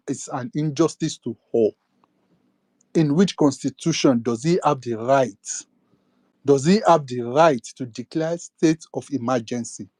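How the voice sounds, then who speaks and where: A young Nigerian man speaks with a Nigerian accent in a slightly high voice, ranting with indignation and piling up rhetorical questions. The sound is close and dry, with no room around it. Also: a little mellow, no echo. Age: young adult. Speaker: speaker in an online audio space. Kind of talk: impassioned political rant.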